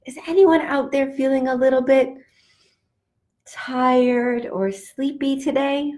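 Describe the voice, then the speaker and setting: A woman leading an online lesson for young children, animated and sing-song, acting out feelings with exaggerated sounds and singing simple songs. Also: sits high, takes it slowly. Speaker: children's language teacher. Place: home.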